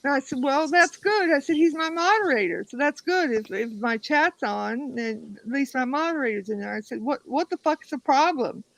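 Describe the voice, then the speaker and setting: A woman's voice: high-pitched, animated, moderate pace, gravelly, hardly any pauses, no echo, poor audio. A woman hosting a casual livestream chat, telling a story with lots of cursing and acting out what others said. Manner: profane storytelling, acts out quotes. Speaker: host.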